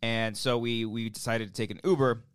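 Podcast guy telling a story, dry close sound, gets lively. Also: mid-range voice, a little fast, clear, resonant tone, no room sound. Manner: animated storyteller, acts out voices. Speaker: podcast co-host. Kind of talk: casual chat.

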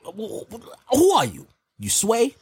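A man's voice: sits high, huge pitch swings, takes it slowly, darkish tone, slightly rough, no echo. A man co-hosting a podcast, in casual banter, ribbing his partner in a heated, profane way. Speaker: podcast co-host.

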